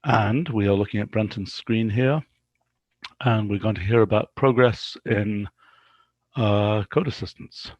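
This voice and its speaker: A man's voice: fairly low pitch, a little slow, dry recording, dull audio. A man hosting a live-streamed work meeting, asking direct questions and steering the talk.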